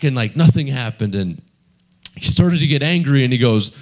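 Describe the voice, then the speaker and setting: A man's voice: mid-range voice, lively intonation, moderate pace. A man preaching a sermon in a conversational storytelling manner. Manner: conversational storytelling with many fillers.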